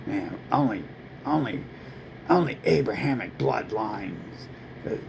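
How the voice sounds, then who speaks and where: Gravelly man ranting. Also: medium pitch, noisy background. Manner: profane, rambling, heated. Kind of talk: casual rant to camera.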